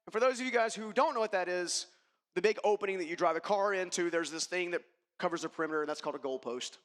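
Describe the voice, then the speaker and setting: In a large hall full of long reverb, a keynote speaker talks quickly in a high, slightly bright voice. He recounts a personal story with emphasis to motivate the crowd, addressing them head-on.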